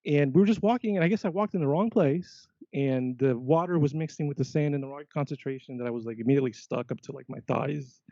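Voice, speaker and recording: A man recounts his adventures in a relaxed podcast chat, animated and often acting out his own past words. His voice has a gravelly, mellow grain. The recording sounds dull and lo-fi. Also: on the high side, fast talker, few pauses, no room sound. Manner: animated, quotes himself often. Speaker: podcast guest, biologist. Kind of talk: casual storytelling.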